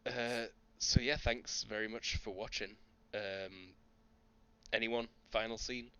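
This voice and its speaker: A man's voice: fairly low pitch, fairly even intonation, slow, pushed and bright, smooth, dull audio. A man running a tabletop game as game master, with dry, wry asides.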